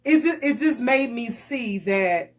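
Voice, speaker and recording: Middle-aged woman, faith radio co-host, high-pitched, acts out every quote. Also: unhurried. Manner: animated storyteller who acts out quoted dialogue. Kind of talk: faith-based radio talk.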